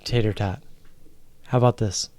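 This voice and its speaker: A man's voice: on the low side, fairly even intonation, moderate pace, a little mellow. A young man, drunk, hosting a late-night live stream and teasing his chat viewers in a rambling way.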